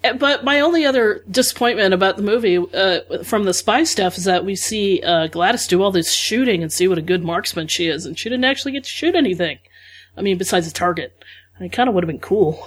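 Husky woman gabbing on a podcast, jokey, laughs at herself a lot. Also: medium pitch, lively intonation, fairly quick. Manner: chatty, jokey, self-deprecating. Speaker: podcast co-host. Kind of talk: casual chat.

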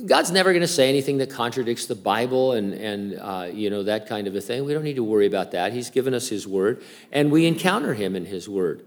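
An older male pastor preaches in a relaxed, conversational way. He talks like he is chatting with friends, stopping often to restart a thought. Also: mid-range voice, quick pace. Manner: chatty and informal, with many fillers and restarts. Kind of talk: casual conversational sermon.

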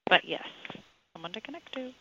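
A woman speaking as a radio guest, earnest and practical as she explains things. Her voice is bright and forward, though the recording sounds somewhat dull and lo-fi. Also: mid-range voice, animated, brisk, breathy edge, no echo. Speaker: salon and spa event coordinator, guest.

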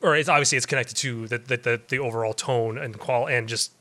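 A man's voice: mid-range voice, steady tone, quick pace, sharp tone. Rambling, chatty man on a podcast. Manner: rambling, self-deprecating, chatty. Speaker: podcast co-host. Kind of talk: casual podcast chat.

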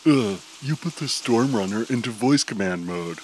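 A man voicing an excitable, nervous male superhero who pleads urgently in a raised voice. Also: medium pitch, normal speed, a little hiss or hum, close to an everyday voice, poor audio.

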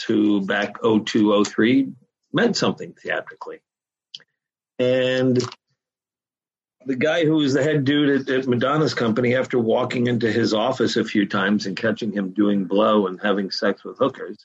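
A man's voice: medium pitch, vocal fry, breathy edge, dull audio. A middle-aged man, a podcast guest, telling his story in a candid, casual way and swearing freely.

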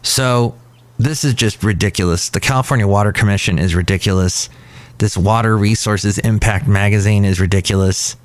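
Sarcastic ranting podcast host, lowish voice. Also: male voice, moderate pace, no echo. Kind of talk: casual solo podcast talk. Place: outside a cafe.

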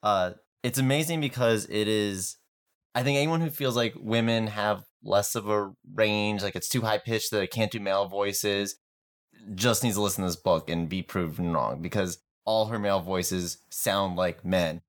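Male co-host, low voice, thoughtful and halting in relaxed conversation. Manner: thoughtful, hesitant restarts. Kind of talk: casual book discussion.

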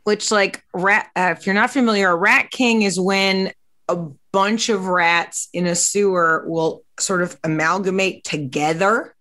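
Woman show host, animated and jokey, laughing mid-sentence. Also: medium pitch. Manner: animated, laughing, quick asides. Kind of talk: casual comedic chat.

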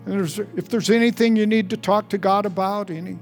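A man preaching a sermon as pastor, earnest, repeating phrases and dropping softly for prayers. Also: fairly even intonation, brisk, faint music behind. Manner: earnest, repeats phrases, drops to soft low tones for prayers. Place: large church hall. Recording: long hall reverb.

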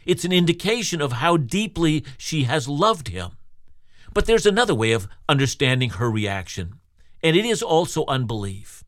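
A man preaching a radio sermon in an expressive, rhetorical way, speaking directly to his listeners. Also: a little high, normal speed, dry recording, studio quality. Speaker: Bible teacher.

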